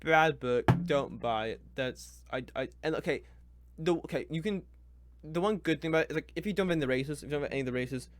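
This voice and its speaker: A man's voice: fairly high pitch, no echo. Exasperated young man ranting. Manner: exasperated, ranting, muttering then loud. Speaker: reviewer. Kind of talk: live blind reaction.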